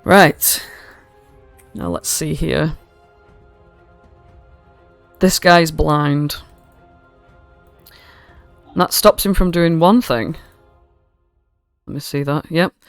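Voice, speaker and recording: A woman narrates a tabletop game as game master in a loose, chatty way, swearing and stopping for fillers. Her voice is smooth and clear. The mic is close and dry. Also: low voice, drawn-out words, pauses often, no room sound, soft background music. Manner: casual and swearing, with many fillers. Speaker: dungeon master.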